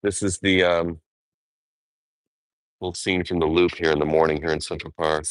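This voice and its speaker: A man's voice: sits low, level tone, normal speed, dry recording. A man chatting casually on a live walking vlog outdoors in a park, rambling with fond asides. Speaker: vlogger.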